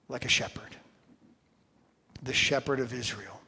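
A man preaching a sermon to a congregation in a church, swinging from loud emphasis to hushed, quiet phrases. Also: mid-range voice, moderate pace, pauses often, husky. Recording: long hall reverb.

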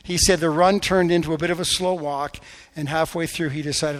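A man preaches to his congregation with a slightly high voice, telling stories earnestly and dropping to a soft intensity before praying fervently. His words ring through a large church hall with a long echo. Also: steady tone, brisk. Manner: storytelling, earnest, drops to soft intensity and rises in fervent prayer. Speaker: pastor. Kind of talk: sermon.

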